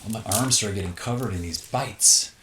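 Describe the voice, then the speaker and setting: A man's voice: lowish voice, normal speed, fairly bright tone. A middle-aged man telling a personal story in a casual interview, acting out scenes with gasps and exclamations. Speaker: guest. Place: tipi. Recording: roomy echo, faint noise.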